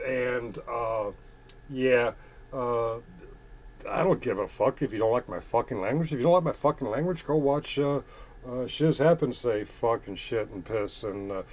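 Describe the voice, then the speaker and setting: A man's voice: mid-range voice, a little mellow. Profane mocking man reading viewer chat. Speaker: channel host reading chat. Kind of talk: casual chat stream.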